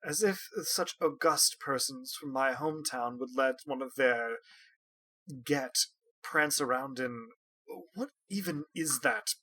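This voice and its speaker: A man's voice: medium pitch, takes it slowly, bright, forceful tone. A man voicing a haughty, petulant young nobleman who talks in a snooty, sneering way.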